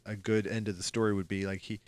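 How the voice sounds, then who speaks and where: A man co-hosting a casual chat, playful and rambling, keen on doing quick voices. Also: on the low side, level tone, clear, resonant tone, no room sound. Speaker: podcast co-host.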